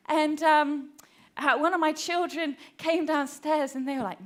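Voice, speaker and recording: Aussie lady preacher, chatty, fumbly, bit high-pitched, talking in church. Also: moderate pace. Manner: chatty and self-deprecating, many fillers. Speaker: pastor. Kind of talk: sermon.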